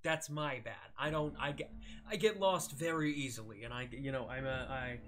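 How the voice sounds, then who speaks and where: A man's voice: mid-range voice, moderate pace, a bit bright. A young man giving casual, rambling commentary while streaming a modded game, laughing often, swearing and yelping when startled. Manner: rambling and self-deprecating, laughs often, swears, yelps at scares.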